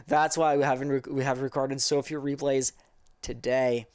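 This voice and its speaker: Man, Quebec French accent, smooth clear voice, casual streamer chatting with viewers. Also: mid-range voice, steady tone, unhurried, long pauses. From Quebec, Canada. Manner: rambling and easygoing, answers chat as he reads it. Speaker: esports caster and streamer. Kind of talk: casual livestream chat with viewers.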